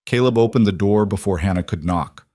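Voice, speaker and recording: A man reading a scripted story in an even, measured narration. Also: fairly low pitch, no room sound, studio quality.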